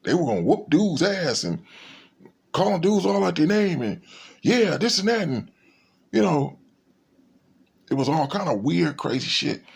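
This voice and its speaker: Man, low and husky, lively pitch, profane rambling commentator. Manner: profane, rambling, with many fillers and restarts. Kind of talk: rambling monologue.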